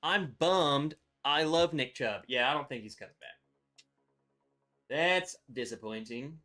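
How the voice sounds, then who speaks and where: A man's voice: mid-range voice, lively intonation, unhurried, bright, forceful tone, faint music behind. A man hosting a casual live stream, chatty and upbeat, greeting viewers by name as he talks. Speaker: livestream host reviewing whiskey.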